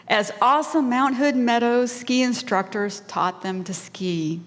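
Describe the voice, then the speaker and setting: A woman's voice: fairly high pitch, unhurried, hardly any pauses. A woman in her sixties giving a heartfelt prepared speech as a volunteer at a fundraising lunch. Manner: heartfelt, emotional, tearing up at times. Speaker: volunteer speaker. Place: large banquet hall. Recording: reverberant hall PA.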